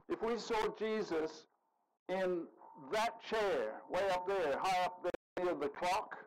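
Guy preaching to his congregation, chatty and jokey, slightly high voice, faint hiss behind. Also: poor audio. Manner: conversational, joking with the congregation. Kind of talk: sermon.

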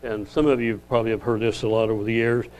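An older man teaches from the Bible in a loose, conversational sermon. He circles back and corrects himself often, then slows right down to read verses aloud. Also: on the low side, flat delivery, darkish tone, poor audio. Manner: rambling, self-correcting, conversational. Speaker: lay preacher.

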